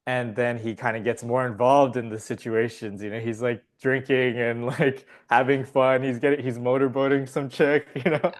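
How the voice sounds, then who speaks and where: A man chats as a podcast guest, spinning a loose story with frequent laughs and casual swearing. His voice sits in a mid pitch, and he talks in an easy, rambling way. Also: little pitch movement, moderate pace, few pauses.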